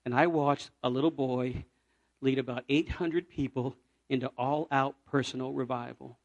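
A man from Puerto Rico preaching a sermon as a traveling evangelist, telling a story and swinging from loud cries to hushed, near-whispered moments. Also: mid-range voice, fairly even intonation, normal speed, no echo, lo-fi sound.

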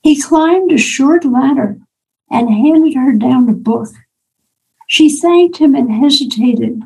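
Older woman, author telling her own story, a bit high, gravelly edge, acts out dialogue. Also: slow pace, mellow, poor audio. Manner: personal, anecdotal, acts out quoted dialogue. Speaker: author and speaker. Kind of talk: storytelling talk.

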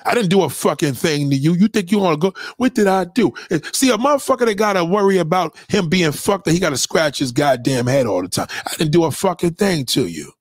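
A man's voice: fairly high pitch, animated, a little fast, few pauses, no room sound, clean studio sound. A man delivering a heated, profane, confrontational rant straight to his audience, with repeated callouts.

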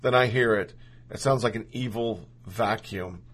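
A man's voice: fairly low pitch, a little slow, a bit bright, slightly rough. Earnest man reading a personal story.

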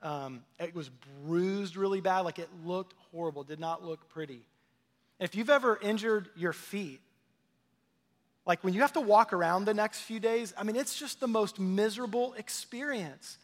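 A man's voice: high voice, moderate pace, big-room sound. A man preaching a sermon as pastor, talking in a conversational way with personal stories and direct questions to his listeners.

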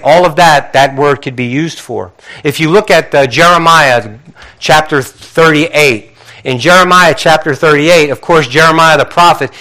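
A man preaching a sermon, reading scripture quietly and then building to emphatic, repeating rhetorical questions. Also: fairly high pitch. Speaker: pastor.

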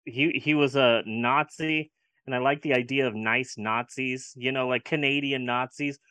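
A man's voice: medium pitch, steady tone, normal speed, bright, forceful tone, clean tone, no room sound. A man co-hosting a casual film review chat, sarcastic and swearing freely. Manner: sarcastic, profane. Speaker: podcast co-host reviewing films.

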